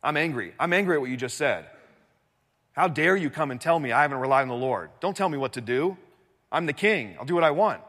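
A man acting out an outraged old king, loud and indignant, defending his pride with a raised, blustering voice. The sound rings out in a hall with a long reverb tail. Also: a little high, animated, a little fast. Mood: angry.

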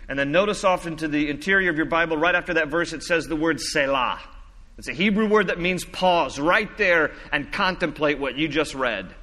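Male pastor, sermon delivery, slow scripture readings, soft low emphasis, reverberant hall sound. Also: animated. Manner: teaching, reads scripture slowly, drops low and soft for emphasis.

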